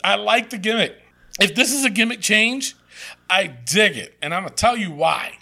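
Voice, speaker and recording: A man co-hosting a podcast in casual chat, animated, swearing freely and laughing often. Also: sits high, normal speed, vocal fry. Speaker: podcast co-host.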